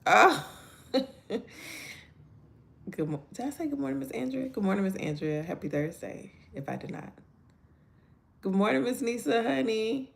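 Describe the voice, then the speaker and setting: A woman's voice: a little high, expressive, unhurried, vocal fry, long pauses. A woman hosting a casual live-stream devotional, greeting viewers by name in a chatty way. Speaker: devotional livestream host.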